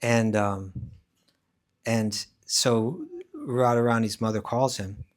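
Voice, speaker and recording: Taking his time, a spiritual teacher with a medium-pitched voice tells a story to his scripture class at a rural eco village. His manner is casual and animated, and he performs the different voices himself.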